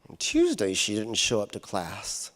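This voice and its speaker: A man telling a personal story to an audience on a handheld mic, animated and often laughing as he acts out the people in it. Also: on the low side, a little slow. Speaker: guest author speaker. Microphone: handheld microphone.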